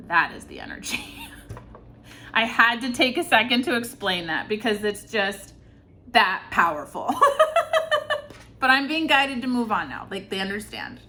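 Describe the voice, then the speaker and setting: A woman's voice: mid-range voice, animated, a little slow, pauses often, pushed and bright, slight background noise. A woman giving an intuitive tarot reading, earnest and searching for words with many fillers. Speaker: tarot reader.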